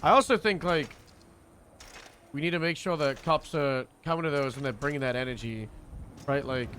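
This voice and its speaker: A man's voice: fairly high pitch, normal speed, fairly bright tone, a little hiss or hum. A young man streaming a roleplay game, chatting casually in loose slang and swearing freely. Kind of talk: casual chat while roleplaying.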